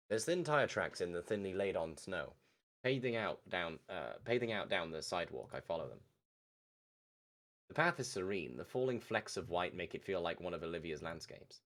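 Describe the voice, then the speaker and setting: A man's voice: sits low, animated, normal speed, fairly bright tone. A man streaming a game, reading a visual novel aloud and breaking off to react, swearing casually.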